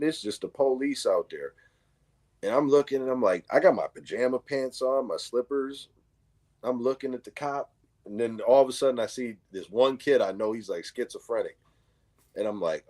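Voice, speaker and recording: A middle-aged man with a New York accent, co-hosting a casual chat and telling animated stories full of swearing, acting out what people said. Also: mid-range voice. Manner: animated storyteller, acts out quotes, heavy swearing. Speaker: co-host.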